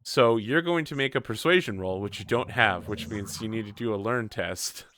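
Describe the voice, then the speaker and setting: A young man running a tabletop game as game master, relaxed, explaining rules and laughing often. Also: lowish voice, moderate pace, no room sound, studio quality.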